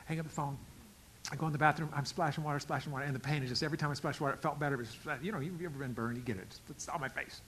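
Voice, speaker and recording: A middle-aged male pastor telling a story in a sermon, acting out the dialogue and swinging from loud outbursts to quiet asides. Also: on the high side, rapid-fire, slight background noise, low-quality recording. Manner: animated, acts out dialogue with big swings in loudness.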